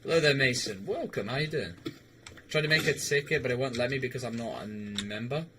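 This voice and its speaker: A man's voice: mid-range voice, brisk, background noise. A young man streaming a game, chatting casually with viewers and rambling, stammering and swearing. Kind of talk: casual livestream chat while gaming.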